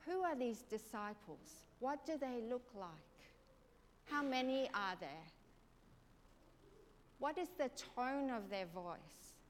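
A woman preacher leading a congregation through a gentle guided prayer meditation, asking soft questions. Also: on the high side. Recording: long reverb of a large hall, faint noise.

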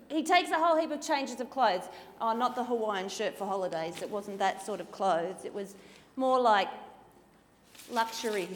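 A woman telling a Bible story to children in a lively, playful way, acting out the characters. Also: a little high. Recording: reverberant hall with faint ambient noise.

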